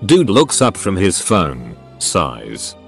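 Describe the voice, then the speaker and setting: A man with a fairly low voice narrating a run of stories from a script. His pitch rises and falls a lot as he reads. Soft music plays faintly underneath. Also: slow pace, vocal fry. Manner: reads stories aloud in a lively, storytelling way. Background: faint background music.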